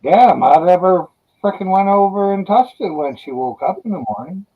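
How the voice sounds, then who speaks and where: A man's voice: sits high, expressive, moderate pace, slightly rough, narrow, tinny audio. A man in casual chat with a friend, answering in short, subdued replies.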